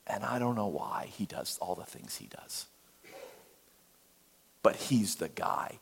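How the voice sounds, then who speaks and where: A man preaching a sermon, conversational and animated, dropping to a hush for emphasis. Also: fairly low pitch, slow, creaky, a little hiss or hum.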